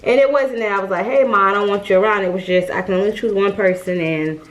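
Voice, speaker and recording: A young woman telling a storytime vlog, chatty and lively, calling her viewers y'all. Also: mid-range voice, quick pace, highs cut off. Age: young adult. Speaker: vlogger.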